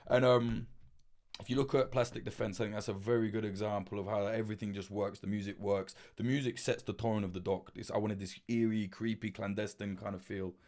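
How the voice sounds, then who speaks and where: A man's voice: on the low side, fairly even intonation, brisk, a little mellow. A man in his late twenties, chatting casually on a livestream, rambling with lots of fillers and swearing. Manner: rambling, swears freely, many fillers and restarts. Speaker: livestream host.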